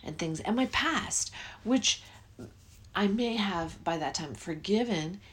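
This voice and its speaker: A woman's voice: medium pitch, animated, takes it slowly. A middle-aged woman hosting a podcast, talking in a rambling, self-interrupting way and yawning often. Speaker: podcast host. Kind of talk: casual spiritual podcast monologue.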